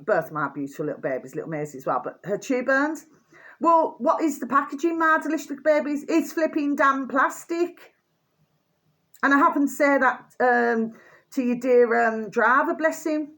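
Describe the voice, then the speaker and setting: A woman's voice: a little high, fairly bright tone. An older woman chatting casually in a show-and-tell vlog, doting and rambling, full of fillers and repeated pet names. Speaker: vlogger.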